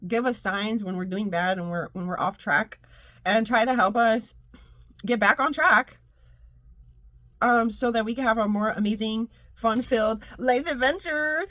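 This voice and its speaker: A woman with a fairly high, bright voice gives an upbeat spiritual pep talk. She laughs often, breaks into squeals and runs her phrases together in rhythmic, repeating lists. The sound is close and dry. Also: dry recording. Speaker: spiritual channel and motivational speaker.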